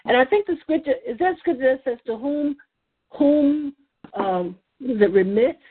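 A woman's voice: high voice, animated, moderate pace, background noise. A woman leading a faith roundtable, talking earnestly with many restarts and fillers over a phone call. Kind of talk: casual faith discussion. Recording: tinny phone line.

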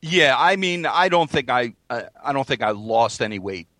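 A man co-hosting a casual podcast, halting and dryly sarcastic. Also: medium pitch, expressive, a bit bright, no room sound. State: sounding odd this morning. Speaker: podcast co-host.

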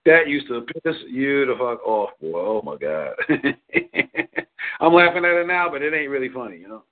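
A man's voice: mid-range voice, sing-song, normal speed. A man giving casual relationship advice, rambling, repeating words and laughing often. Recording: tinny phone line.

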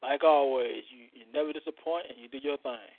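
A man hosting a talk show, praising a guest in an excited, hyped-up way, heard over a phone line. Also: mid-range voice, fairly quick, dry recording. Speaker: show host. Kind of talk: casual radio talk. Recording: tinny phone-line audio, dry.

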